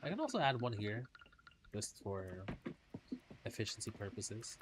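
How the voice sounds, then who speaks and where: A man's voice: lowish voice, very animated, a little slow, background noise. A man streaming a game, chatting casually in a rambling way and swearing now and then. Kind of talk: casual gameplay chat.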